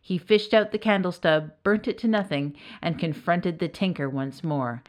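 Woman narrator, lively storybook reading. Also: fairly low pitch, normal speed, few pauses. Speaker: narrator and author.

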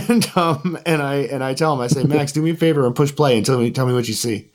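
A man hosting a podcast, telling stories in a rambling, casual way with many restarts and fillers, and getting animated when he quotes others. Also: medium pitch, fast. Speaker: podcast host. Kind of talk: casual storytelling chat.

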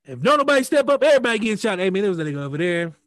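Wisecracking man with a lively voice. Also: high voice, very fast, dry recording. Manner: wisecracking, profane. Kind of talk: casual group banter.

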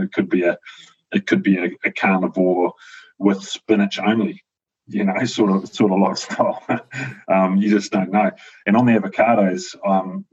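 Low, husky New man. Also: darkish tone. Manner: reflective, hesitant, many fillers and restarts. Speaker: guest, avocado farmer. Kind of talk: casual conversation. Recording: dull lo-fi sound.

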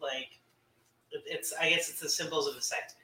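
A man's voice: fairly high pitch, fairly even intonation, brisk, pushed and bright. A man in casual podcast chat who explains at length, laughing often and adding asides. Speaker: podcast guest, doctor. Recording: roomy sound with faint noise.

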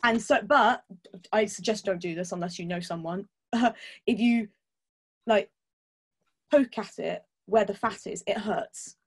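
A woman's voice: mid-range voice, unhurried, pauses often, breathy edge. A woman chatting candidly as a podcast guest, laughing often and swearing casually. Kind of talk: casual chat.

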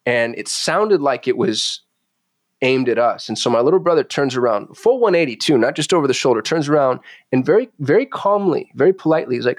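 A man as a podcast guest, talking candidly and intensely, cursing freely and growing animated as he tells his stories. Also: mid-range voice, fairly quick, no room sound. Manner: intense, swearing, confessional, animated when retelling. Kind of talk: candid conversational storytelling. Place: Phoenix.

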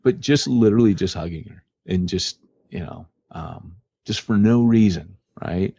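A man's voice: deep voice, normal speed, vocal fry, warm tone, slightly rough, dry recording. A man co-hosting a podcast in casual, rambling chat with lots of filler words, on dull lo-fi audio. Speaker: podcast co-host.

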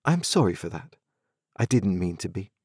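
A man voicing a gentle, quiet, kindly young woman in a storybook reading, speaking softly and mildly. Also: sits low, sing-song, normal speed, breathy edge, no echo, studio quality, full character voice. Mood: gentle, sorrowful. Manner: soft, mild, sorrowful. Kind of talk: audiobook character reading.

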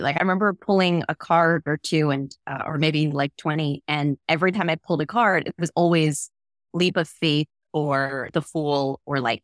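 A woman's voice: low voice, a little fast, no room sound. A young adult woman co-hosting a podcast, telling a personal story in an earnest, emotional way. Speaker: podcast co-host. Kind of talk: casual chat.

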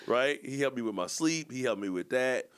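A man's voice: mid-range voice, lively intonation, moderate pace, clear, resonant tone. A man co-hosting a podcast, telling his story in a casual, rambling, reflective way. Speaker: podcast co-host and coach.

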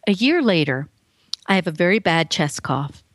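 A woman guest telling her story on an interview show, earnest and emphatic, acting out the voices she quotes with big pitch swings. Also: sing-song, normal speed, no echo. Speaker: guest author. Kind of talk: animated personal storytelling.

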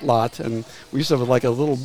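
A man's voice: mid-range voice, fairly even intonation, a little mellow, rough recording. An older man in his sixties tells stories from his career as a guest on a casual interview show. His mid-range voice moves at an easygoing pace, and he often stumbles and restarts his sentences. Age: 60s. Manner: halting, restarts phrases with frequent repeated words. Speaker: guest, retired music publicist. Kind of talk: casual anecdotal storytelling.

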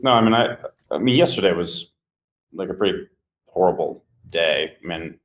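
A man's voice: sits low, expressive, moderate pace, roomy sound. A man hosting a podcast, talking in a thoughtful, rambling casual chat.

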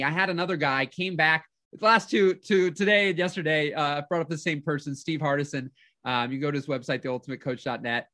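A man who works as a life coach, giving an energetic motivational talk, telling a personal story with frequent restarts. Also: fairly high pitch.

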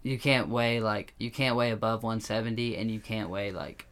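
A man's voice: fairly low pitch, steady tone, normal speed, heavy background noise. A young man, a pro fighter, chatting casually, telling loose stories and swearing, laughing often. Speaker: guest, pro kickboxer. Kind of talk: casual podcast chat.

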